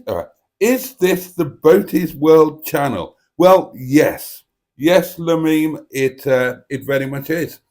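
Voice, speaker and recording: Sitting at his home dining table, a livestream host talks into a desk microphone in a fairly high, slightly mellow voice. His casual stream is rambling, self-mocking, and theatrical.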